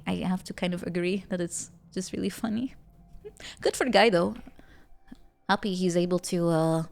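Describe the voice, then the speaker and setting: A woman's voice: fairly low pitch, vocal fry, darkish tone. A woman streaming a survival game, chatting casually with frequent laughs and rambling asides. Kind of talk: casual gameplay chat. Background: game music.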